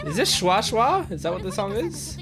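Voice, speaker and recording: A woman's voice: mid-range voice, big pitch swings, moderate pace. A woman hosting an anime reaction video, talking casually and emotionally, with exclamations and swearing. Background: faint anime music.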